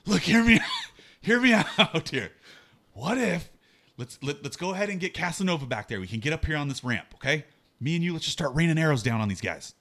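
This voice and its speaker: A man's voice: a little high, wildly swooping pitch, normal speed, long pauses, bright, forceful tone, slight background noise, full character voice. A man playing an eager young adventurer who talks in an urgent, pushy way and swears as he makes plans.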